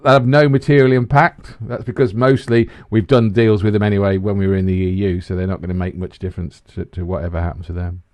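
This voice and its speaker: A man's voice: level tone, fast talker, few pauses, dark tone, dry recording. A man in his forties co-hosting a casual podcast, talking with lots of stumbling restarts. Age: 40s. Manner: stumbling restarts, swings from low grumble to high. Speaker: podcast co-host. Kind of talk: casual banter.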